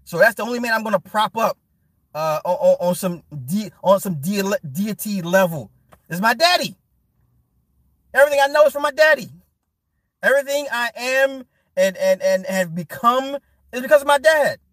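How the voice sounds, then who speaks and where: A man with a somewhat high voice delivers a heated, swearing monologue. He lectures his listeners, dipping into low mutters before pushing back up into loud, insistent rants. The sound is close and dry, with no room echo. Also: expressive, normal speed. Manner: profane, heated and preachy, swings from low mutter to loud rant. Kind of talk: unscripted monologue.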